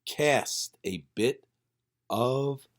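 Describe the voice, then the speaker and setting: A man reading a children's storybook aloud with expressive narration. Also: mid-range voice, extremely slow, background noise. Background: faint music.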